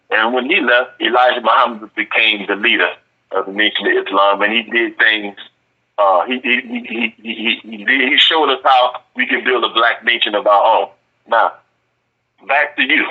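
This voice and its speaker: A man's voice: mid-range voice, breathy edge. A man on a phone line earnestly explaining his faith, insistent and repeating words as he builds his point.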